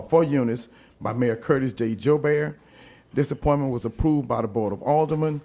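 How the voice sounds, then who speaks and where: A man's voice: mid-range voice, darkish tone. Man reading legal text aloud. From St. Landry Parish, Louisiana. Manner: deliberate, reads legal text aloud with frequent "uh" fillers. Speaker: city attorney. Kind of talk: formal legal presentation at a council meeting.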